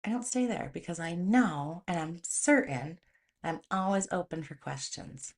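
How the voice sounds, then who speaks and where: Woman, motivational host, conversational, animated storyteller, some vocal fry. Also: fairly low pitch, measured pace. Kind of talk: motivational talk.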